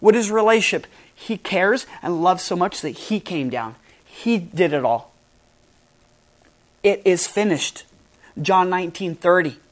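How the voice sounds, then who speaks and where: A woman's voice: on the low side, animated, measured pace. A woman pastor preaching a sermon in an earnest, emphatic way, stressing and spelling out key words.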